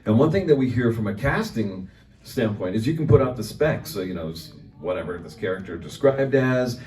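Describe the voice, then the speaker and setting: A man's voice: fairly low pitch, lively intonation, brisk, a little mellow. A man voice actor on a convention panel, giving earnest, encouraging advice to fans. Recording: echoey room, voice far from mic.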